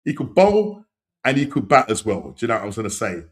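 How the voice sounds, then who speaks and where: A middle-aged man hosting a casual live-stream chat, rambling and leaning on "you know what I mean", with sudden excited outbursts. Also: fairly low pitch, fast talker. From England. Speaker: podcast host.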